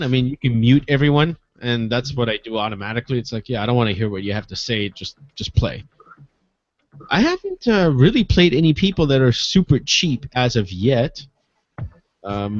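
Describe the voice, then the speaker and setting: Man, co-host, lively up-and-down delivery, teasing jokes, dull lo-fi audio. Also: mid-range voice. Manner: joking, animated, teasing. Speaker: podcast co-host. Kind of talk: casual chat.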